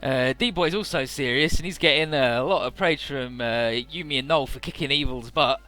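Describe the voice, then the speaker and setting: A man's voice: medium pitch, normal speed, pushed and bright. A man casually narrating a video game playthrough, who rambles with lots of fillers and laughs often. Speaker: let's play commentator. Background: faint game music.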